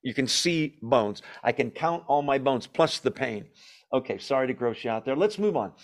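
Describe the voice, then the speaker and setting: A man leading a Bible study, teaching in a relaxed conversational way, asking the class questions and reading scripture aloud. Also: medium pitch, normal speed.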